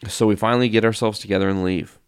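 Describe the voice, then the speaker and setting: A man hosting a podcast, telling a casual, profane story with animated quoted voices. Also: fairly low pitch, quick pace, creaky, clear, resonant tone, dry recording, studio quality. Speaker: podcast host.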